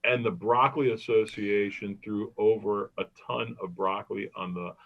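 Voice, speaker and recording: Man, comedy podcast host, joking storyteller, gravelly voice, dull lo-fi sound. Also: fairly low pitch, steady tone, normal speed. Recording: dull lo-fi recording.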